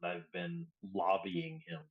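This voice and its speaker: A sick man with a scratchy, hoarse voice, rambling playfully in casual chat on a stream. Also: on the high side, big pitch swings, measured pace, dull audio. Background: game music.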